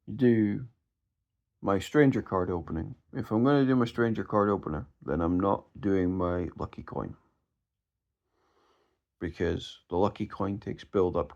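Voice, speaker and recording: A mentalist gives a casual, instructional monologue about performing magic, emphatic and direct, often restarting his words. His voice sits low with vocal fry and a darkish tone, and the highs are cut off.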